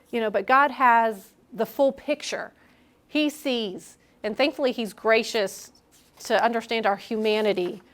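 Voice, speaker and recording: A woman's voice: a little high, a bit bright. A middle-aged woman giving a candid, conversational sermon to a young adults group, acting out her own inner voices as she goes.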